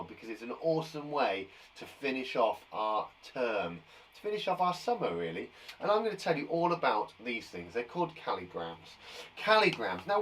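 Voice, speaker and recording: Man, primary teacher, encouraging, animated, slightly distant mic. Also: a little high, slight background noise. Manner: upbeat, encouraging, chatty. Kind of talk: live online lesson for young children.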